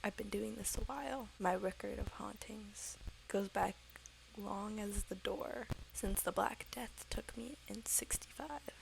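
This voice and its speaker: A woman's voice: medium pitch, a little slow, gravelly, background noise. A woman voicing an old, boastful male ghost who speaks of himself in the third person, drawling and half-whispered.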